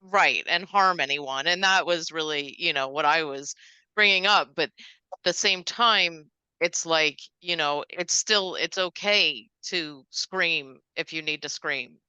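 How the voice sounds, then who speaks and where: A woman hosts a podcast interview with a very bright, sharp tone. Her voice comes through smooth and crisp, with dry, close sound. She affirms her guest and builds on her points. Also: sits low, measured pace, dry recording, muffled recording. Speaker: podcast host. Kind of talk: casual interview conversation.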